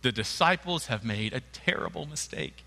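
A man's voice: mid-range voice, sing-song, normal speed, creaky, bright, forceful tone. A man preaching a sermon in an earnest, emphatic and conversational way. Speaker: pastor. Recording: long hall reverb.

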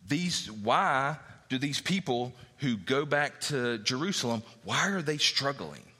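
Animated preacher man in a reverberant hall. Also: medium pitch, measured pace, husky. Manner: animated, acts out biblical characters' speech. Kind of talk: sermon teaching from scripture.

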